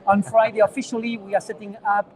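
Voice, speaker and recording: A man with a French accent answering interview questions as a founder, earnest and halting with fillers. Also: sits high, level tone, a little mellow, rough recording. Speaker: startup founder, guest. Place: conference venue.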